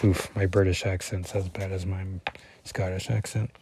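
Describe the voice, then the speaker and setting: Low, mellow-voiced man rambling about comics. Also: little pitch movement, normal speed, breathy edge, dry recording. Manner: rambling, with frequent fillers and self-corrections. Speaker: comic book reviewer; father. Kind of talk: casual solo review, reading through an issue.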